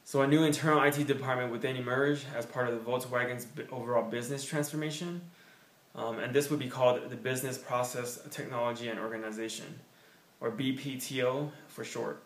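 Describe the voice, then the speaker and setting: A man's voice: medium pitch, fairly even intonation, a little fast, echoey room, recorded from a distance. A man student presenting a case study, reading steadily with small fillers.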